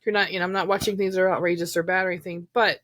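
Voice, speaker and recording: A woman's voice: fairly low pitch, level tone, racing, a bit bright, dry recording. A woman co-hosting a recovery podcast over a remote call, talking things through in a reflective, rambling way with fillers. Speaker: podcast co-host. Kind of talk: casual podcast chat about trauma recovery.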